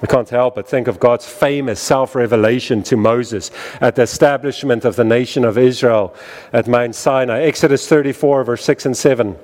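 A man preaching a sermon in an emphatic style, repeating phrases with wide rises and falls in pitch. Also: fairly even intonation, moderate pace, darkish tone. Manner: emphatic, repetitive cadence with wide swings in pitch.

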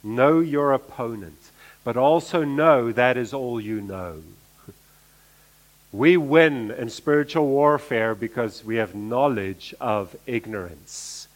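A man preaching a sermon, repeating key phrases and swinging between emphatic lines and quiet asides. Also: medium pitch, slow pace.

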